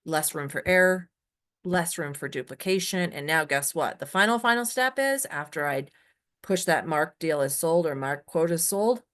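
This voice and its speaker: A woman training users in a software webinar, emphatic and often checking in with "right?". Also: sits low, animated, normal speed.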